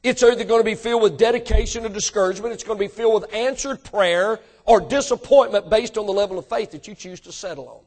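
A man preaching a sermon to his congregation, emphatic and direct, asking them questions and rising into animated bursts. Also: high voice, fast talker, hardly any pauses. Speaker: pastor.

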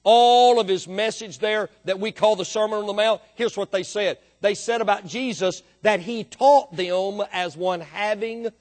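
High-voiced emphatic male preacher. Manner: emphatic, swings from quiet to loud and drawn-out. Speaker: pastor. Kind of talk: sermon.

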